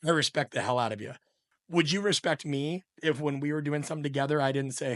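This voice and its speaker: A man's voice: fairly high pitch, fast, a bit bright, no echo, clean studio sound. A middle-aged man speaking as a podcast guest, an opinionated coach talking in a passionate, emphatic, ranting way. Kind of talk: podcast conversation.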